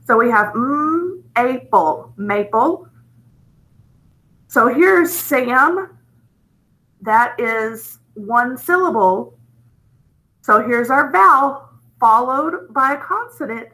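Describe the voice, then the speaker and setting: A woman's voice: a little high, sharp tone, poor audio. A woman teaching a phonics lesson, patient and explaining step by step, checking in with the class often. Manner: slow, patient, checks in with "okay?".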